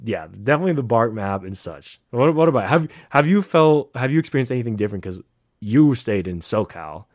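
A young man from the Bay Area co-hosts a casual podcast, his mid-pitched voice swinging widely as he tells stories. He fills his talk with "like," and the recording sounds close and dry. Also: a little fast, no room sound. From San Francisco Bay Area. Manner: animated storyteller, heavy use of "like". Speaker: podcast co-host. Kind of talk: casual chat.

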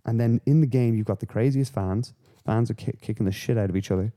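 A man hosting a podcast, rambling through casual, sweary, animated rants. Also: on the low side, fast. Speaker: podcast host. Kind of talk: casual chat.

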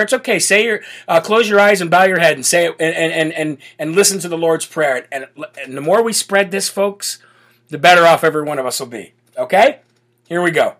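A brash American man hosts a live political talk show in a fairly high voice. He reads out supporters' messages, leads prayer, and breaks into laughing chants. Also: fairly quick.

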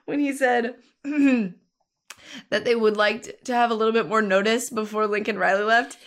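A woman co-hosting a casual sports talk show, chatty and quick to laugh. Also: mid-range voice, fairly even intonation, a bit bright. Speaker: sports podcast co-host. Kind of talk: casual chat.

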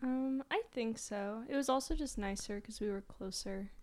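A young woman guesting on a casual podcast, soft-spoken and hesitant, often starting with um. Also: on the high side, moderate pace. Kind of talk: casual chat.

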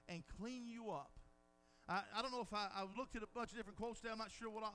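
A man preaching a sermon, dramatizing scenes with quoted dialogue and swinging from hushed lines to shouted peaks. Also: sits high, fast talker, a little hiss or hum.

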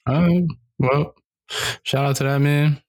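A man co-hosting a podcast, with dry, deadpan asides and easy laughter. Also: medium pitch, slow pace, dry recording. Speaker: podcast co-host. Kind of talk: casual chat.

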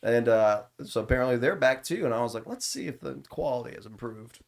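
Guy, 30s, podcast host, loose and profane storyteller, mid-pitched. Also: lively intonation, a little fast, gravelly. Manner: rambling, profane, laughing storyteller. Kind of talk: casual chat.

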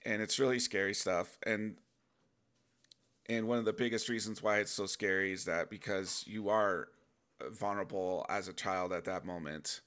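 Host, middle-aged man, low bright voice, earnest and open; personal faith testimony. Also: fairly even intonation, moderate pace.

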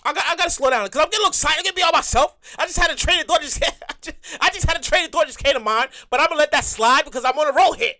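A man rambling through a comic monologue, excitable and repeating himself as he rants. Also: extremely high pitch, rapid-fire, few pauses. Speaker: comedian.

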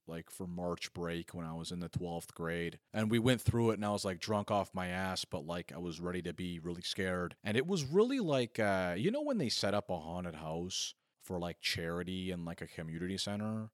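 Man, 30s, rambling comic storyteller, lowish voice, dry sound. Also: no echo. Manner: rambling, heavy on filler "like", self-mocking. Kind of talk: casual comedic storytelling monologue.

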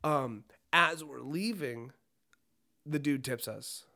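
A man's voice: mid-range voice, takes it slowly, vocal fry, pushed and bright. Rambling, profane young man telling a story. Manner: profane, rambling, full of "like" fillers. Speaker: podcast co-host. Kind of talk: casual storytelling chat.

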